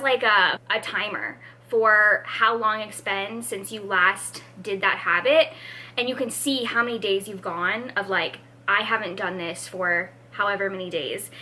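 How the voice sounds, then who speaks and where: A young woman vlogs casually about books, chatty, animated and dramatic, with lots of fillers. Her voice is mid-range, with slight background noise.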